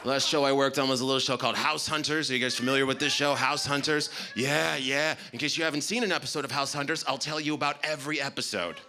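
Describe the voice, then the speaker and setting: A man doing a stand-up routine with quick, wry observational patter. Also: medium pitch, fairly even intonation, noisy background. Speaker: stand-up comedian.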